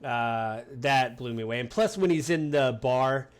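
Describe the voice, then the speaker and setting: A man hosting a podcast talks through a film in loose, rambling sentences. He fills pauses with ums and you-knows and drops into little acted-out quotes. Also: mid-range voice, clean tone. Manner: rambling, acts out quoted lines with many fillers. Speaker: podcast host. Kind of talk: casual film discussion.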